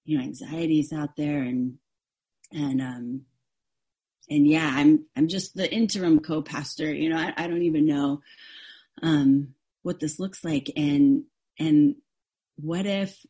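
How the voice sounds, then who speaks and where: A woman's voice: low-pitched, dark tone, breathy edge. A woman pastor giving a sermon, earnest and openly vulnerable, often restarting her sentences. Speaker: interim co-pastor.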